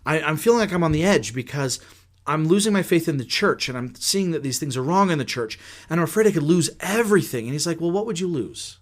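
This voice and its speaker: A slightly high-voiced man who is a guest on a podcast, telling stories with animated energy. He talks casually and slips into the voices of the people he quotes. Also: fast talker. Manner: animated storytelling, acts out quoted dialogue.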